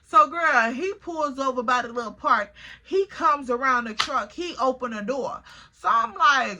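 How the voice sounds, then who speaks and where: A young woman telling a storytime vlog, animated and slangy, cursing freely and calling her viewers girl. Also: high-pitched, normal speed. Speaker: vlogger.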